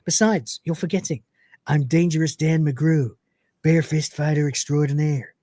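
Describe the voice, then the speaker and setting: Cowardly blowhard officer, voiced by a man; high, prissy and smug. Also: fairly even intonation, moderate pace, mellow, no echo, clean studio sound, natural voice. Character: cowardly pompous male space officer, put-on swagger.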